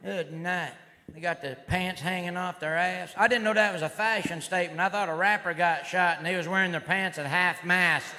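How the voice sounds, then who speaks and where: A man performing a stand-up routine in a rowdy redneck persona, drawling and shouting. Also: high voice, steady tone, normal speed. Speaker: stand-up comedian. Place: live comedy stage. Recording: live hall recording with crowd noise. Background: audience laughter and noise.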